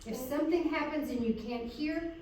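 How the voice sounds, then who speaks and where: A woman coaching a student in interpreting, encouraging her and checking in again and again. Her voice sits a little high and sounds distant, caught in a very echoey room. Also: moderate pace, a little mellow. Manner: encouraging, checks in with repeated "okay?". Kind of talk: hands-on coaching lesson. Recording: echoey room, far from mic.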